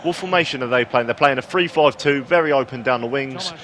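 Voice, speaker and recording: A man commentating play-by-play over a football video game, excitable, breaking into shouts at goals and poking fun at himself between plays. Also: medium pitch, a little fast. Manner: excitable, rising to shouts on goals, self-mocking asides. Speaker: gaming YouTuber.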